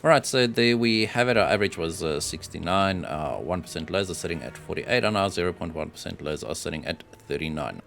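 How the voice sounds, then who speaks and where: A man giving casual voice-over commentary on gameplay benchmarks, hesitant and matter-of-fact, often pausing with filler sounds. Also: low-pitched, animated, vocal fry, a bit bright, soft background music.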